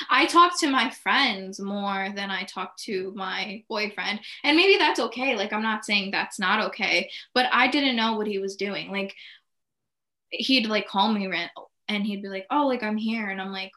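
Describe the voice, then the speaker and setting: A young woman in casual podcast chat, talking openly in quick bursts full of "like" and restarts. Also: mid-range voice, sharp tone. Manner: talks in many short bursts filled with "like", candid and emotional. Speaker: podcast co-host.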